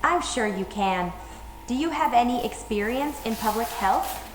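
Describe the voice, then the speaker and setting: A woman's voice: fairly high pitch, animated, a little slow. A woman voicing a friendly young job seeker. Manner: clear, scripted dialogue reading. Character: friendly young woman asking about jobs. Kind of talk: textbook listening dialogue. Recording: echoey textbook audio with faint music.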